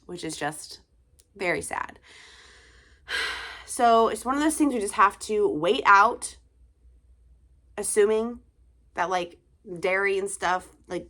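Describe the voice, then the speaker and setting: A woman's voice: mid-range voice, sharp tone. A young woman, a tired mother of two, chatting casually to camera in a rambling way with many fillers and sighs.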